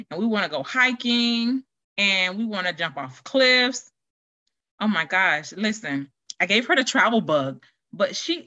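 A woman's voice: mid-range voice, sharp tone, no room sound, dull audio. A middle-aged woman hosting her own podcast, talking in a chatty, rambling way with lots of fillers and restarts. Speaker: podcast host. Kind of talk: casual solo podcast chat.

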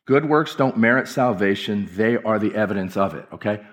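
A man's voice: fairly low pitch, a little fast. A male pastor delivering an impassioned, emphatic church sermon with repeated phrases. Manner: impassioned, emphatic preaching with repetitions.

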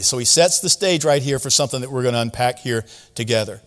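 A man preaching a conversational sermon as a pastor, paraphrasing scripture in a lively, teasing way. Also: mid-range voice, fast, in a large hall.

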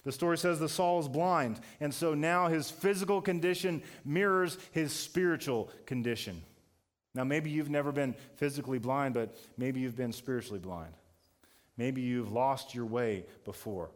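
A pastor giving a sermon, telling a story in a conversational way that builds to emphatic peaks. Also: male voice, medium pitch, moderate pace.

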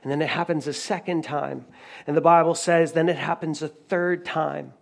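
A man's voice: a little high, fairly even intonation, normal speed, gravelly. A man preaching a sermon in a conversational way, retelling a story with frequent restarts. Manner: conversational preaching with many restarts and retold dialogue. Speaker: pastor.

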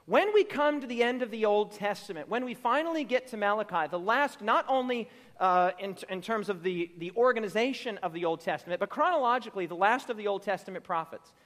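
A male pastor with a strikingly high voice delivers a sermon. He stacks up emphatic repeated phrases and draws out quoted lines slowly. The sound rings with a long hall reverb. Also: lively intonation, a bit bright. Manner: preaching with rising emphatic repetition; slow drawn-out quotations.

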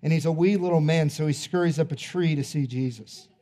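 Male pastor, conversational sermon, animated storyteller, mellow tone. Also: a little high, fairly quick.

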